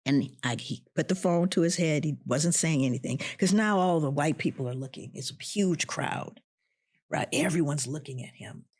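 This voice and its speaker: Husky-voiced woman telling a story. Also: low voice, moderate pace. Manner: animated, voices the people in her story. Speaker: guest. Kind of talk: personal storytelling.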